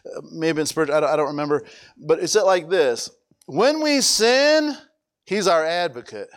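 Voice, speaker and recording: A man's voice: fairly high pitch, very animated, moderate pace, smooth. A man preaching a conversational sermon, often stumbling over repeated words and asking the congregation questions.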